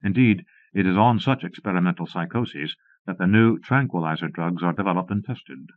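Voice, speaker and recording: Low-voiced man reading an audiobook. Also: moderate pace, no echo. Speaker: audiobook narrator. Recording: muffled phone-like 1990s cassette recording, dry.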